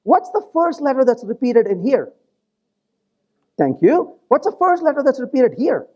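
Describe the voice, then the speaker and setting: A man giving a live technical conference talk, animated and joking, who keeps turning to the audience with quick questions. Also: extremely high pitch, lo-fi sound. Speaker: conference presenter.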